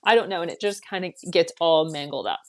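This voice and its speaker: Woman parent coach, lowish voice, warm reassurance, casual podcast conversation. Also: animated, fast talker.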